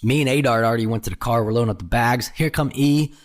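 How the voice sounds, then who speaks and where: A man telling golf trip stories in casual chat, lively and swearing freely, often acting out the people he quotes. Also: medium pitch, quick pace. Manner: animated, jumps into quoted voices, swears freely.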